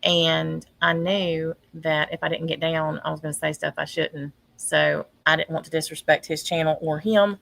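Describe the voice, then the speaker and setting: A woman ranting in casual livestream commentary, exasperated and pausing often with ums. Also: deep voice, steady tone, vocal fry, fairly bright tone, no echo, rough recording. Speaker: online commentator.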